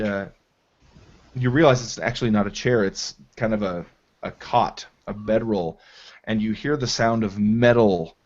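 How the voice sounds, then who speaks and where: A man narrating as game master of a tabletop game, in a halting style full of fillers, on a dull lo-fi recording. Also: fairly low pitch. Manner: slow, halting descriptive narration with many fillers.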